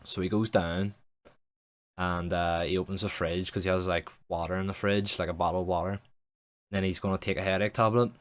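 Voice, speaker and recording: A man's voice: deep voice, fairly even intonation, a little fast, no echo. A young man improvising a comic story as a streamer, rambling and swearing, with many restarts.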